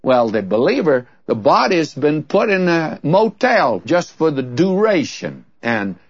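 Husky older preacher, lively delivery. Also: male voice, a little high, unhurried, no echo, lo-fi sound. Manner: storytelling, leaning hard on key words. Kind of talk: sermon.

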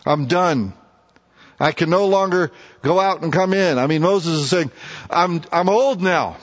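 A man preaching a sermon in a folksy way, acting out scripture characters in casual, everyday voices. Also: sits high. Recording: muffled, echoey hall.

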